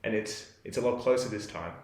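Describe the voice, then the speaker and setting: A man's voice: lowish voice, a little fast. A young Australian man telling a camping story in a rambling, laid-back way, full of "like" fillers, as a podcast co-host. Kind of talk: casual storytelling. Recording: roomy echo.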